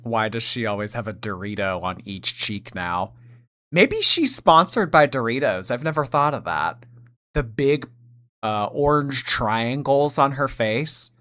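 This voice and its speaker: A woman's voice: a bass voice, a little slow, a bit bright. A woman streamer giving sarcastic, mocking commentary on a video and reading chat messages aloud.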